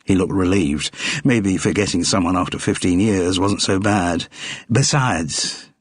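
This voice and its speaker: A man reading a mystery audiobook in a measured narrating style. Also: low voice, steady tone, no room sound, clean studio sound. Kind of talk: scripted narration.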